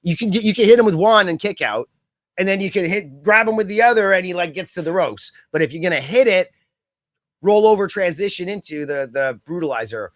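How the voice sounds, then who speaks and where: A young adult man co-hosting a casual podcast chat, rambling and animated, with lots of fillers and quick mock impressions. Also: sits high, no echo, clean studio sound. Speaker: podcast co-host.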